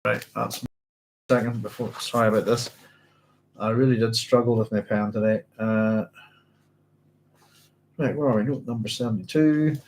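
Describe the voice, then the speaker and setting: A man's voice: on the low side, steady tone, normal speed, pauses often, a little mellow, a little hiss or hum, rough recording. A man, hosting a book club, reads passages aloud and stops often to check his notes and apologise in a chatty way. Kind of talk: reading aloud with casual commentary.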